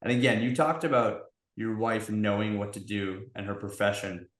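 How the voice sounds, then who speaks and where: A man's voice: fairly low pitch, fairly even intonation, moderate pace. A man, a guest on a podcast, sharing a personal story in an earnest, reflective way. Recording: roomy echo.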